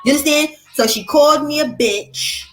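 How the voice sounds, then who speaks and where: Woman, high voice, casual chat host, animated storyteller. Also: moderate pace, soft background music. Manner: animated storytelling, acts out quotes.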